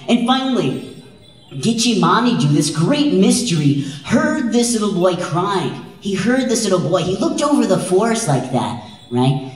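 A man from Wisconsin telling a traditional story on stage at an event, lively and drawing in the crowd with frequent questions. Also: high-pitched. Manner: lively, engaging the audience with frequent "right?". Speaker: storyteller and dance presenter. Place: large event hall. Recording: echoey hall, voice from far off.

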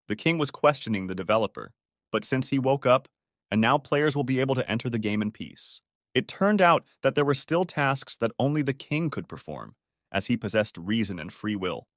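A man giving a scripted story recap narration in an even, steady read-aloud delivery. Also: mid-range voice, dry recording, studio quality.

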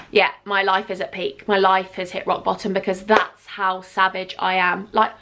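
A woman's voice: mid-range voice, flat delivery, normal speed, hardly any pauses, pushed and bright. A young woman chatting casually and self-deprecatingly while doing her makeup for a beauty vlog. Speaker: beauty vlogger. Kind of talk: casual get-ready-with-me chat.

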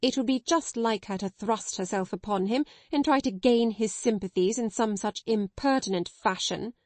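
A woman's voice: normal speed, no room sound, close to an everyday voice. A woman reading an audiobook, voicing a stern, haughty schoolmistress who speaks with rigid politeness and rising indignation. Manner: indignant, rigidly polite, shrill when shocked.

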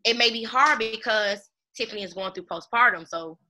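A woman with a bright, ringing voice sitting a little high chats her way through a show recap with a friend. She is animated and slangy and jumps between points with quick asides. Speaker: YouTube channel host. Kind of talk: casual TV recap chat.

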